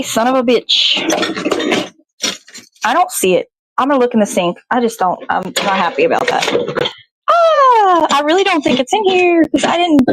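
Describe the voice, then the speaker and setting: A woman's voice: on the high side, slight background noise, low-quality recording. A woman hosting a morning show, chatting casually and rambling to herself as she bakes in her kitchen, swearing freely. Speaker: host. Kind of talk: casual chat while baking. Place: home kitchen.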